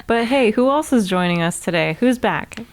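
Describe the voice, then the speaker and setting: A woman's voice: medium pitch, expressive, normal speed, slight background noise. A young adult woman hosting a casual podcast chat, talkative and laughing easily. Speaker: podcast host.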